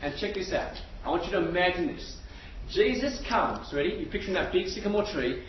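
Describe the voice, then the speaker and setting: Brief: high-voiced male preacher, lively storytelling, distant mic in a roomy hall. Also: fairly quick. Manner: animated storyteller who asks the crowd questions. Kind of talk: sermon. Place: large hall with an audience. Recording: echoey hall, distant mic, dull sound, faint noise.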